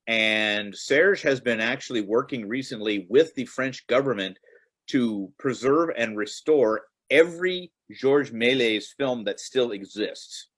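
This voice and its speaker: A man giving a relaxed, chatty talk on a video call, telling stories with many fillers and restarts. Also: mid-range voice. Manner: conversational storytelling with fillers and restarts. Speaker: guest presenter on film preservation. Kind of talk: casual virtual presentation. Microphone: computer mic on video call.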